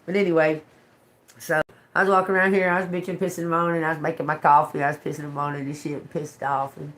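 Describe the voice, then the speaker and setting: Woman, lower voice, casual tarot live-streamer at home, rambling and salty-mouthed, laughs a lot. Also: flat delivery, fast talker, a bit bright. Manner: rambling, laughing, cursing storyteller. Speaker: tarot reader. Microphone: phone.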